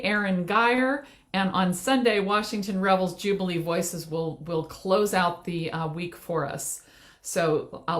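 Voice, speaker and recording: A woman's voice: medium pitch, fairly bright tone. A woman co-hosting an online sing-along, chatting through upcoming events with many ums. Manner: chatty, with many fillers and a light laugh. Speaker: co-host. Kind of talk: casual announcements.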